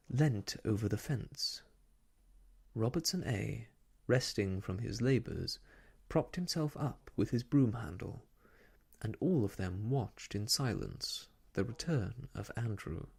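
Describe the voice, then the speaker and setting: A storyteller giving a slow, gentle, lilting soft-spoken ASMR reading of a classic book. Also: medium pitch, creaky, husky.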